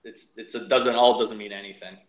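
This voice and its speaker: A man co-hosting a casual sports podcast, giving dry, low-key opinions. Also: little pitch movement, a little fast, highs cut off, crowd noise. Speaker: podcast co-host.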